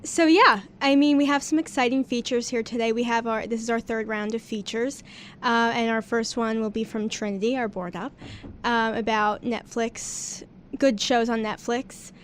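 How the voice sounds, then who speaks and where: A young woman in her twenties hosting a casual college radio chat show from a campus studio, chatty and quick to laugh. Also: on the high side, steady tone, slight background noise. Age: young adult.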